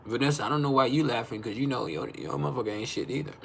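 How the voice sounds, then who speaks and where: A man hosts a casual livestream from home, a refrigerator visible behind him. His mid-range voice is fast and gravelly, with a little hiss or hum. He teases viewers with profane jokes and laughs often.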